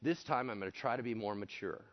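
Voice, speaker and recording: A man preaching an animated, jokey sermon, acting out voices and swinging between loud and hushed delivery. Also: fairly low pitch, fast talker. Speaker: pastor. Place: church room with audience. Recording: dull lo-fi sermon recording.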